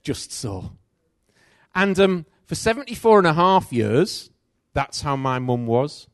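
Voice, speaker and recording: A middle-aged man gives a sermon at a slightly slow pace, sharing a personal story as he swings between loud and soft. His pitch rises and falls animatedly. The recording is dry and close.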